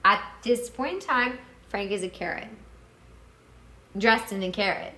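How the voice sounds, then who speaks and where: A woman's voice: medium pitch, measured pace, pushed and bright. A tipsy woman rambling through a comic retelling, losing her thread and repeating herself. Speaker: storyteller. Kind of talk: comic drunk-history retelling. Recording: echoey room with music.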